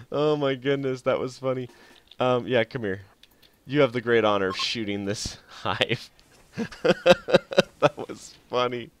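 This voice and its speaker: A man's voice: medium pitch, steady tone, moderate pace, clear, resonant tone. A man casually talking through a strategy game on a live stream, often chuckling and muttering to himself. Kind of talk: casual live gameplay commentary. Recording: faint game music behind.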